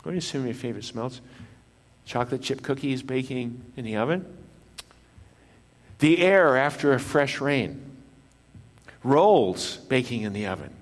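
A man's voice: medium pitch, animated, a little slow, long pauses. A man preaching a sermon as pastor, repeating key lines for emphasis and putting questions to the congregation. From Japan. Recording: long hall reverb.

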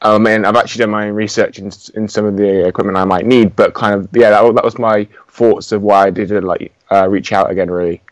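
A man speaking hesitantly in a casual podcast chat, with soft laughs. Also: fairly low pitch, fairly even intonation, brisk, few pauses, no echo, low-quality recording. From United Kingdom. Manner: hesitant, many fillers and restarts, soft laughs. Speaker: podcast guest.

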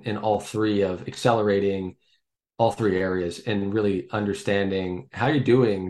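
Low-voiced male podcast guest. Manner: thoughtful, hesitant with fillers. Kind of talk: casual interview.

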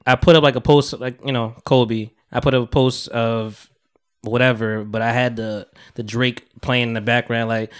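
A man's voice: medium pitch, normal speed, smooth. A man co-hosting a podcast, chatting loosely and laughing, often trailing off mid-sentence. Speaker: podcast co-host. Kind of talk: casual chat.

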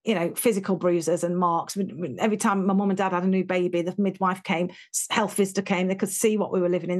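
Animated English woman telling her story. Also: medium pitch. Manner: animated, frank, voices quoted people, quick laughs. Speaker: guest. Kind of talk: personal storytelling in an interview.

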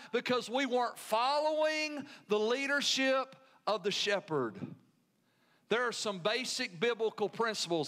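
Man, Southern US accent, pastor, sermon, high voice, bright tone, emphatic repeated lines. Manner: call-and-response preaching, emphatic repetition.

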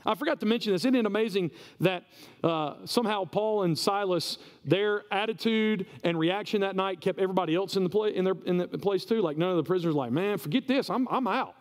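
A male pastor giving a sermon in a conversational, animated way, often repeating words as he goes. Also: high-pitched, brisk. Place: church. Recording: reverberant church hall.

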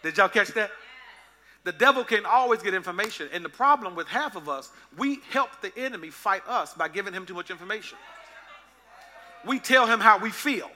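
Male pastor, high voice, AAVE, playful sermon delivery with sung bits. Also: expressive, fairly quick, bright, forceful tone. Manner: playful, joking with the congregation, singing in bits.

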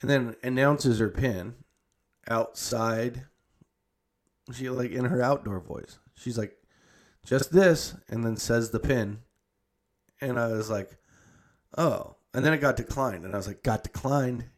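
A man's voice: medium pitch, a little slow, pauses often. A young man telling a long family story in casual, rambling speech full of "like" and restarts. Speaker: storyteller recounting a family visit.

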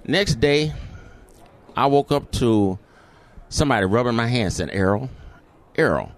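Animated middle-aged man telling a story. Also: medium pitch, a little slow. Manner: animated storyteller acting out voices. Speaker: interview guest. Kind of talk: storytelling in an interview.

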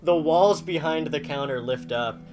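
A man's voice: a little high, moderate pace, darkish tone. Playful male game master narrating. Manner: playful, describes scenes with self-corrections. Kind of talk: improvised tabletop narration. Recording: guitar music under the voice.

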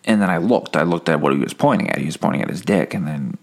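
A comedy podcast host with a low, gravelly voice performs an absurdist monologue deadpan and at a quick pace. He rambles and corrects himself, his pitch swinging widely, as he bends everyday anecdotes toward dark punchlines.

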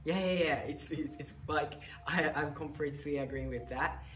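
A man's voice: a little high, steady tone, moderate pace, fairly bright tone. Hesitant Japanese-accented man, echoey room. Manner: hesitant, many fillers, laughs easily. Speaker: guest, English learner. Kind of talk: casual conversational interview.

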